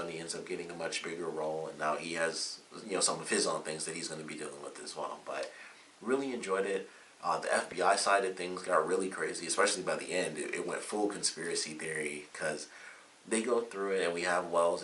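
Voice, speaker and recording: A man's voice: sits low, bright, forceful tone, distant mic. A man giving a casual, rambling spoken review of a TV episode, full of fillers. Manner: rambling, chatty recap with many fillers. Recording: echoey room, away from mic, faint hiss.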